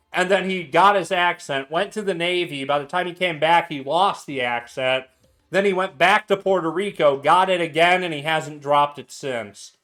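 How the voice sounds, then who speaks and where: Tipsy and laughing often, a young man mixes cocktails at his home bar on stream and chats casually in a loose, profane way. He speaks a little high, in a slightly bright voice.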